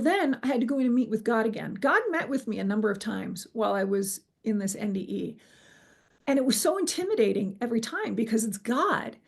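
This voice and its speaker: Husky, earnest woman telling her story. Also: a little high. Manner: earnest, halting, with many restarts and quoted inner voice. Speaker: guest sharing her near-death experience. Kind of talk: emotional personal storytelling.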